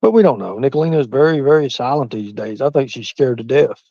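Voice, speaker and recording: A man's voice: mid-range voice, animated, quick pace, warm tone, dry recording, dull audio. A man with a Southern US hillbilly accent, rambling and swearing freely on a casual livestream while he reads chat aloud. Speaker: livestream host.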